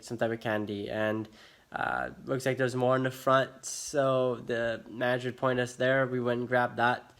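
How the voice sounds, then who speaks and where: A man's voice: mid-range voice, fairly bright tone. A young American man telling an agitated storytime rant in his vlog, swearing often as he talks. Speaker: vlogger.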